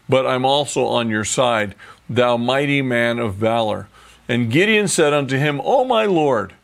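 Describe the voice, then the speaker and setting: A man's voice: medium pitch, gravelly. A man teaching the Bible verse by verse, reading scripture aloud and then explaining it in plain words.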